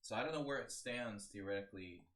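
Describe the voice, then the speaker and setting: A man's voice: lowish voice, fast, a bit bright. A man analyzing a chess game on a live stream, talking casually and thinking aloud with lots of fillers and restarts.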